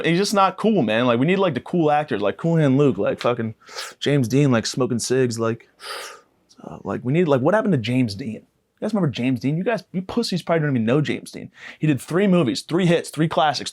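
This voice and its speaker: A young man hosts a podcast, ranting for laughs with profanity and mock aggression. He rambles from one jab to the next at a middling pitch. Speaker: podcast host. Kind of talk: comedic rant monologue.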